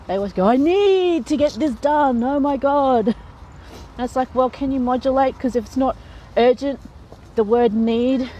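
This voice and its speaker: Here a vlogger with a medium-pitched, darkish voice dispenses blunt advice to camera over a rough recording. Her manner is chatty and candid, punctuated by light laughter mid-sentence, and there's faint background noise.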